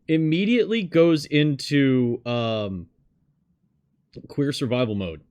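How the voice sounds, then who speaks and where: A man's voice: medium pitch, takes it slowly, a little mellow, smooth, lo-fi sound. A man playing a tabletop role-playing game who thoughtfully describes his character's actions. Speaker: player.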